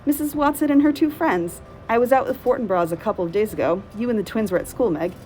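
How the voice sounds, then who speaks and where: A precocious little boy, calm and sure of himself, as read by a woman. He speaks a bit higher than an adult, matter-of-fact and knowing. It is a storybook read-aloud. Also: fast, faint music behind, lightly acted, rough recording.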